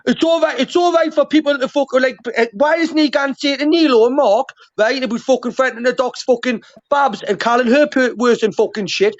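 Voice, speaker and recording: On a livestream panel, a man with a very high-pitched voice talks a little fast with hardly any pauses, rambling, swearing constantly and restarting often. It's heated, casual stream chat, and the audio is muffled and lo-fi.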